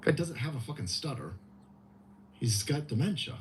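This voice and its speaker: A male livestream host, mocking and swearing through a comedic rant, with a high, lively voice that jumps around. Faint hiss sits underneath. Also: moderate pace. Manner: mocking, heavy swearing, animated.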